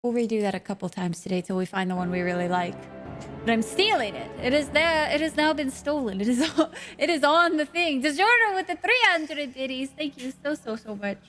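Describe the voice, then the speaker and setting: A woman's voice: high voice, animated, a little fast, a bit bright, faint music behind. A woman streaming live, chatting with her viewers in a playful way, swearing freely and laughing often.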